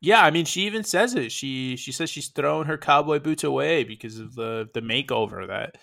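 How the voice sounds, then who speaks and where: A man co-hosting a podcast in animated casual chat, often swearing and laughing. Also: medium pitch, a little fast, vocal fry. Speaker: podcast co-host.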